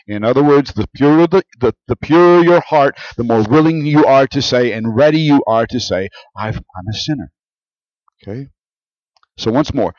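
A man's voice: a little slow, dry recording. Emphatic male preacher, dull dry sound. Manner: emphatic, rising to loud stresses then dropping low. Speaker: pastor. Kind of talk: sermon.

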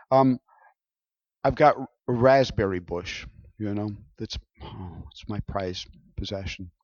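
A man's voice: medium pitch, a little mellow, dry recording, muffled recording. A man preaching a sermon in a conversational way, often checking in with his listeners. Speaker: pastor.

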